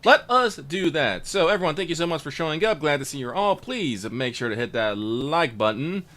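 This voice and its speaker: A man's voice: a little high, fairly quick, fairly bright tone. A man hosting a casual let's-play stream, joking loosely and swearing freely as he plays and signs off. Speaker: streamer and show host.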